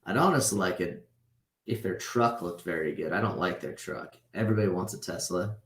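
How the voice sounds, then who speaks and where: A man's voice: low-pitched, fairly quick, fairly bright tone. Man teaching an online class, roomy echo. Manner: conversational, tags points with "right?". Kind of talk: casual online class lecture. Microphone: video call.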